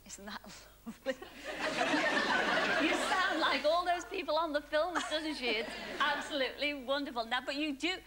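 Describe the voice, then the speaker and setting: A woman's voice: high voice, brisk, hardly any pauses, a loud crowd. A woman hosting a TV dating show in a studio, chatty and teasing, laughing often with the audience. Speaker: game show host. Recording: old broadcast with loud audience noise. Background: audience cheering and laughing.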